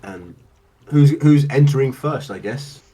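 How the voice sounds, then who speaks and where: A man's voice: medium pitch, a little slow, warm tone, husky, distant mic, poor audio. A man narrating as game master, rambling with lots of fillers and laughing as he describes scenes.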